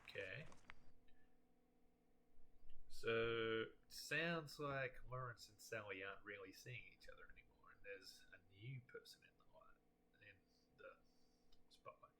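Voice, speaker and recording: A man streaming a mystery game, reading its text messages aloud in a lively, expressive way. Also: on the low side, normal speed, slight background noise. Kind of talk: casual let's-play, reading in-game chats aloud.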